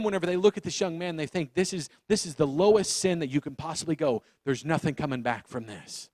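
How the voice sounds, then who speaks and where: A man preaching a youth sermon, animated and acting out the voices of the story. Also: high voice, no echo. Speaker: youth pastor.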